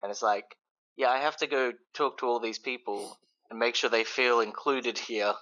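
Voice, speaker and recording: A man from Australia, a podcast guest, chatting in a relaxed way with ums. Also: mid-range voice, normal speed, muffled recording. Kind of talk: casual podcast chat.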